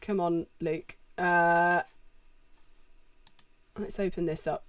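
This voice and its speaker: A woman's voice: medium pitch, expressive, slow, pauses often, dry recording. Young woman streamer, casual rambling Q&A, close dry mic sound. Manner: chatty, rambling, lots of fillers. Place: home. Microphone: desk microphone.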